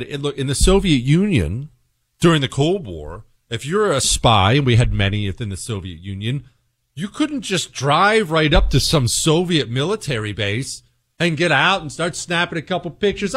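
A man's voice: mid-range voice, fairly bright tone, no echo, clean studio sound. A man hosting a talk radio show, talking in a brash, sarcastic, opinionated way and joking with his producer. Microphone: studio microphone.

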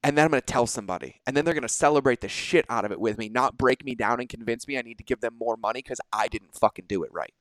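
A man hosting a podcast in casual conversation, energetic and animated, swearing freely and acting out quoted exchanges. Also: medium pitch, quick pace, hardly any pauses, no echo. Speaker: podcast host.

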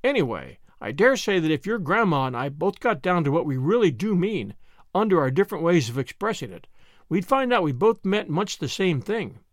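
A man reading aloud as a kind, solemn young woman schoolteacher who talks gently and reassuringly in an audiobook. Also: high voice, very animated, moderate pace, no room sound, studio quality. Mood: gentle.

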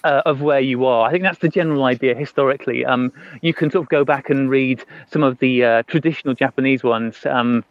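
A man's voice: medium pitch, fairly even intonation, fairly quick, few pauses, no room sound. A man co-hosting a casual chat, talking easily and laughing often, on a phone outdoors in the rain. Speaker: podcast co-host. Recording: dull lo-fi phone audio.

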